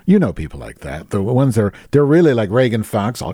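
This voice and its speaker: A man's voice: fairly low pitch, very animated, fairly quick, hardly any pauses, warm tone, breathy edge, dry recording, studio quality. A man hosting his own show, rambling through a crude, sarcastic solo rant. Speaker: podcast host.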